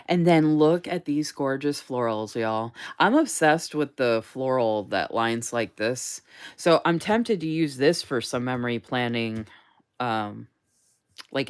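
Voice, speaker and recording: Lady doing a live stream, gushy and excited, keeps saying oh my gosh, reads out comments. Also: a bass voice, clean tone. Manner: gushing, enthusiastic, says "oh my gosh" often; reads viewer comments aloud. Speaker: host of a live sticker showcase. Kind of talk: casual live-stream chat.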